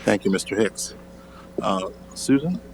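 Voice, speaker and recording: A man with a fairly low voice runs through the meeting's closing items in a brisk, procedural way, with a light joke along the way. He sits a little off the mic, and a faint hum sits under the sound. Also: animated, gravelly, poor audio. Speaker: mayor chairing the meeting. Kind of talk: chairing a council meeting. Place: council meeting chamber.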